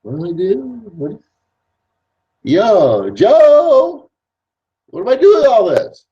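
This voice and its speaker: A man's voice: on the high side, very animated, takes it slowly, warm tone, highs cut off, voice pushed up. A man playing a lost, bewildered newcomer. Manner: bewildered, pleading questions. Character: confused, lost male newcomer.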